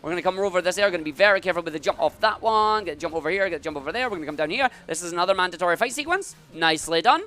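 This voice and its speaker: A man's voice: high voice, lively intonation, very fast, few pauses, sharp tone. A man giving upbeat live commentary as he speedruns, talking through each move as he plays.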